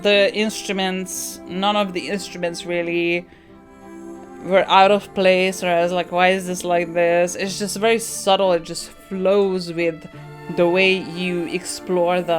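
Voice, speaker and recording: A woman game streamer casually reviewing a game she just finished, thinking aloud with many fillers and restarts. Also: on the low side.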